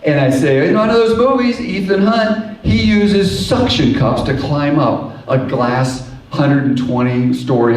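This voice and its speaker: A man giving a lively creation science lecture, telling stories and acting out little voices as he goes. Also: a little high. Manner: animated storyteller who acts out little voices and hums tunes. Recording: echoey hall, voice from far off.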